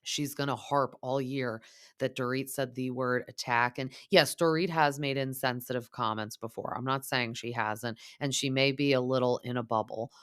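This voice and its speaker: A young woman hosting a podcast, recapping reality TV in a chatty, gossipy way and quoting the cast in quick impressions. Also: very deep voice, steady tone, a bit bright, clear, resonant tone. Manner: chatty, gossipy, lots of "like", mimics cast members. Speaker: podcast host.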